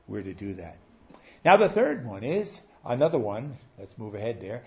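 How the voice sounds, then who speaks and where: A man preaching a sermon earnestly, with rising and falling emphasis and frequent pauses. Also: on the low side, very animated. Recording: slightly dull lo-fi sound.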